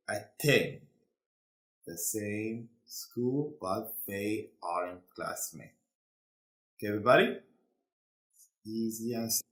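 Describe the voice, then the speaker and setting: A man's voice: mid-range voice, fairly bright tone, roomy sound. A man teaching a class who keeps checking his students follow along, speaking. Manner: slow, checks understanding with "okay?". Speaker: English teacher. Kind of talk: classroom lesson.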